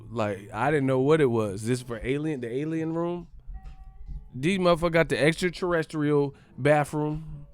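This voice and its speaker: A man's voice: a little high, normal speed, clean tone, no room sound, faint music behind. A man hosting a boxing channel, ranting casually with profane jokes and rambling asides. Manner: profane, joking, rambling with laughs. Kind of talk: casual comedic rant.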